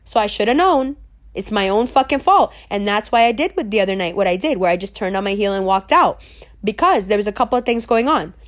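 A woman's voice: medium pitch, expressive, a little fast. A middle-aged woman telling a story in a casual, blunt rant, heavy with slang and swearing. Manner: blunt, profane and emphatic; streetwise slang.

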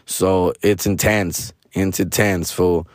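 Speaking slowly with fairly even intonation, a comedian in his forties rambles profanely, tossing in Spanish slang and tacking "fool" onto his lines. His voice is low, hoarse, and raspy, and the dry recording has no echo.

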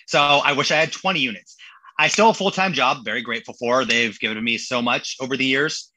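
A man in his thirties, a podcast guest telling stories in a casual, animated way and acting out the people he quotes. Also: medium pitch, a little fast, slight background noise, poor audio. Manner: animated, acts out quotes in voices. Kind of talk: casual storytelling.

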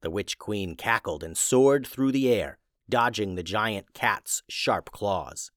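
A man reading a children's fantasy storybook aloud in a steady, expressive voice. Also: fairly low pitch, takes it slowly, no room sound, clean studio sound.

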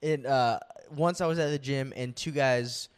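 A man's voice: medium pitch, measured pace, clean tone. A young man co-hosting a podcast, chatting casually in a laid-back way and laughing often. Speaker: podcast co-host. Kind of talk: casual chat.

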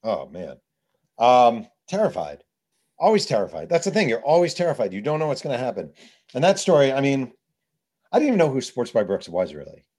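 A man, an author and journalist, telling lively anecdotes as a guest in a conversation. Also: mid-range voice, a little fast, husky. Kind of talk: conversational storytelling.

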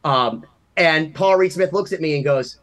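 A man's voice: on the high side, moderate pace, fairly bright tone. A man from Massachusetts, a podcast co-host, telling rambling, self-deprecating anecdotes in casual chat. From Massachusetts, USA.

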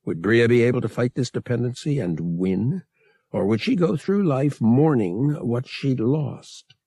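A man reading a novel aloud as an audiobook narrator, measured and expressive. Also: mid-range voice, slightly rough, no room sound, clean studio sound.

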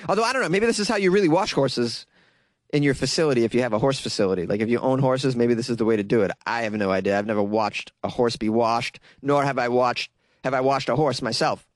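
A man's voice: mid-range voice, fast, dry recording. A young man from Massachusetts with a Massachusetts accent, riffing sarcastically on an odd news story and laughing at his own jokes. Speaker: comedic news commentator.

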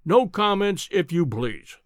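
A pompous, arrogant older scientist, put on by a man reading a storybook aloud, booming out his words like a professor addressing his class. He talks down to everyone with lofty scorn, his pitch rising and falling broadly. The voice sits fairly high for a man and sounds dry and close. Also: big pitch swings, slow, no echo, heavily acted. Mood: imperious.

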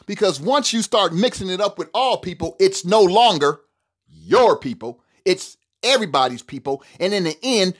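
A middle-aged man hosts a solo podcast in a high, expressive voice at a moderate pace. He talks emphatically and preachily, repeating words for stress.

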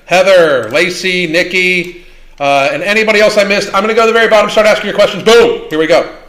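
A man's voice: high-pitched, fast, fairly bright tone. A man hosting a livestream Q&A, talking in a blunt, profane and combative way. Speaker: livestream host. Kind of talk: livestream Q&A rant.

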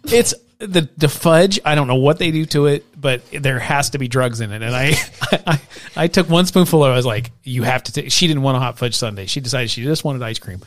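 A man's voice: a little high, brisk. A middle-aged man co-hosting a podcast, joking playfully in casual chat. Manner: playful, animated joker. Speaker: podcast co-host.

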